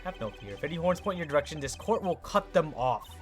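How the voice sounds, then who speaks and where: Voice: medium pitch, big pitch swings, fast, lightly acted. A streamer voicing a stern old courtroom judge. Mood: reassuring, solemn. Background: game music.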